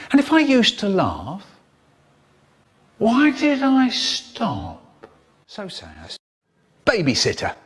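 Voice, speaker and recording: An older man reciting comic poems and stories in a theatrical manner, his voice swooping between whispers and shouts. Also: mid-range voice, husky. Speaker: storyteller. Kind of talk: chopped-up comic poem recital.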